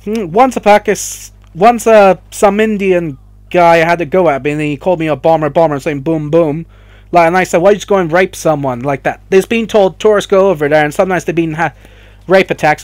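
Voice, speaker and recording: Young man, vlog rant, emotional, curses a lot, rather high voice, dry close sound. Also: fairly quick, no room sound. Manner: emotional, swearing, rambling. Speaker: vlogger. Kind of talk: heated opinion rant to camera.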